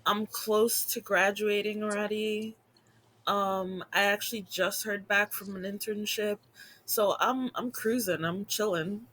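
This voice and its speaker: A woman in her thirties talks slowly and easily, upbeat and loose with her fillers. She co-hosts a casual chat, and a faint background noise sits under the voice. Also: medium pitch. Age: 30s. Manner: relaxed, upbeat, many fillers and laughs. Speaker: podcast co-host.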